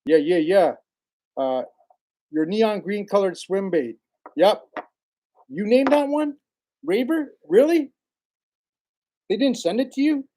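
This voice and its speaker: Chill guy on a livestream, fairly high voice, rambling and greeting chat. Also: lively intonation, slow pace, long pauses, warm tone, a little hiss or hum. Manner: laid-back, rambling, greets viewers by name, laughs often. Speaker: livestream host.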